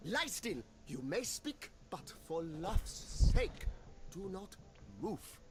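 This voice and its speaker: An actor playing a haughty, theatrical court painter who is easily irritated. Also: male voice, high voice, sing-song, slow pace, music in the background, exaggerated voice. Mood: fussy. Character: pompous fussy male court painter.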